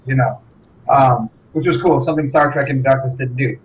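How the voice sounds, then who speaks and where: Man, casual podcast co-host, higher voice, halting, muffled lo-fi audio. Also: a little hiss or hum. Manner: relaxed, hesitant with ums and restarts. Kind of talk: casual chat over drinks.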